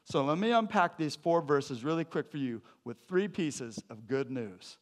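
A man preaching a sermon to a congregation, conversational and joking, swinging from loud emphatic lines to quiet, hushed ones. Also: fairly high pitch, lively intonation, moderate pace. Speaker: pastor. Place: church sanctuary.

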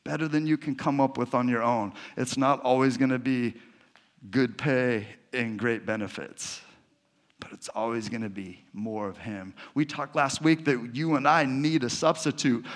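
A middle-aged man giving a sermon, telling personal stories and acting out the dialogue in them. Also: fairly high pitch. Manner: animated storyteller acting out dialogue. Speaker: pastor.

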